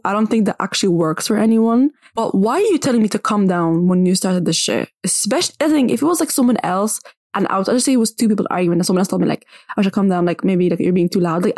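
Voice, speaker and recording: A young woman vlogger ranting casually to camera, blunt and animated, with "like" in almost every phrase. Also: mid-range voice, no echo, studio quality. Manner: blunt, animated, says "like" constantly.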